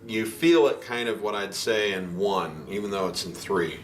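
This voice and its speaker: A man teaching piano in a relaxed, chatty way, counting beats aloud as he explains. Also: on the low side, normal speed, hardly any pauses. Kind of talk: casual instructional talk at the piano. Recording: piano music under the voice. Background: piano playing.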